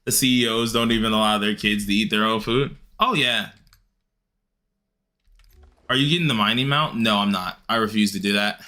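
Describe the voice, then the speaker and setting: A young adult man chatting casually and rambling while he streams a game, leaping into high excited yelps. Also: normal speed, pauses often. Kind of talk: casual gaming stream chat.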